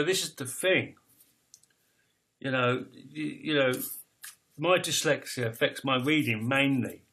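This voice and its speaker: A man in his fifties, a poet telling his own life story as a personal confession, speaking raw and emotional with halting restarts and blunt swearing. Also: a little high, a bit bright. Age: 50s.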